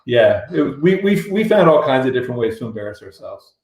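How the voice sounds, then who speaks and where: A man's voice: mid-range voice, big pitch swings, brisk, a little mellow, reverberant, poor audio. A man, a musician, telling a long anecdote in casual chat, restarting and acting out other people's lines. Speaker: musician guest. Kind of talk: casual storytelling on a radio show.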